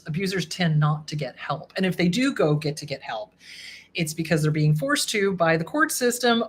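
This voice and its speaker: Lively, animated woman therapist host. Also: medium pitch. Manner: emphatic, animated, acts out inner voices. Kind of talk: casual advice talk to camera. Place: home office at a computer.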